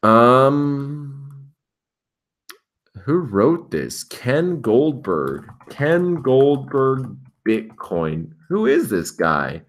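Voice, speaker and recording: A man's voice: sing-song, very slow. Sarcastic young man reacting to headlines. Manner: sarcastic, incredulous, reacts with sudden pitch jumps. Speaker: crypto commentary host. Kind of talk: casual commentary reading headlines aloud.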